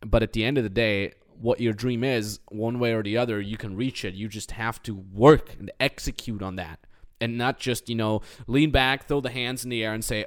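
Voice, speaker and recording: A young man co-hosting a podcast, chatting casually and telling motivational stories, jumping into mocking voices when he quotes people. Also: normal speed. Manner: animated storyteller, jumps into high mocking voices when quoting. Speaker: podcast co-host.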